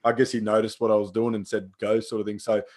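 A man's voice: lowish voice, flat delivery, fast talker, a little mellow. A young man, a personal trainer, telling stories in casual chat, swearing freely and acting out the lines of people he quotes.

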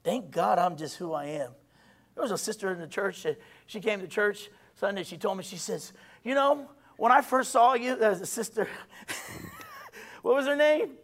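High-voiced emphatic male preacher. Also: expressive, normal speed, slightly rough. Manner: emphatic, repeats phrases, swings between shouting and quiet. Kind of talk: sermon.

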